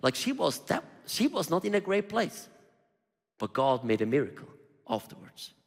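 Animated high-voiced preacher man in a hall. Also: normal speed, gravelly. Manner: animated, conversational preaching with rhetorical questions and voiced quotes. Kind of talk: sermon. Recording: reverberant hall.

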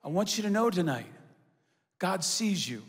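A man's voice: sits high, big pitch swings, moderate pace. A man preaching a sermon to a large congregation, using call-and-response and repeated emphatic phrases. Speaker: pastor. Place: large church hall with congregation. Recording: hall reverb from a large venue.

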